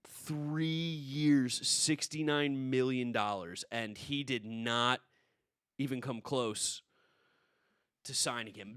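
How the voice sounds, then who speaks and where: A man giving an exasperated ranting reaction about a sports signing, swinging between shouting and low muttering. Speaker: sports vlogger.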